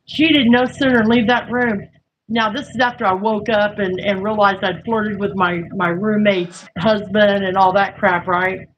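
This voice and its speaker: A woman hosting a livestream, telling a personal story in a lively, folksy way and acting out what people said. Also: mid-range voice, measured pace, dull audio, slight background noise. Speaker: livestream host. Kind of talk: casual storytelling.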